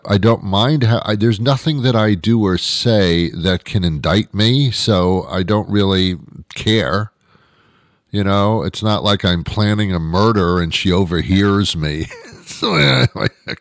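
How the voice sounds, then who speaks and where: A man's voice: lowish voice, no echo, studio quality. Sarcastic, rambling man hosting a comedy show. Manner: sarcastic, rambling, self-mocking. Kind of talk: satirical comic monologue. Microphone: close studio microphone.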